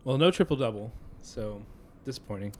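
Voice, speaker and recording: A man's voice: medium pitch, animated, a little fast, darkish tone. A man hosting a sports fan podcast in casual, teasing chat. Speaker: podcast host.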